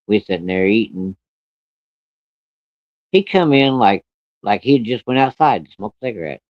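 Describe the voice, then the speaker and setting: A man with a fairly low voice tells a true-life story in a loose, folksy, rough-spoken way, chuckling as he talks. The recording is dry and dull, a little lo-fi. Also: animated, normal speed, long pauses, dry recording.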